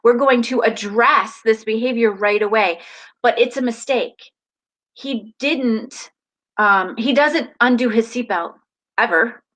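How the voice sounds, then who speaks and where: A woman's voice: a little high, measured pace, rough recording. Emphatic woman giving parenting tips. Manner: animated, emphatic, acts out family dialogue. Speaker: parenting advice host. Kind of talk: live video talk to viewers.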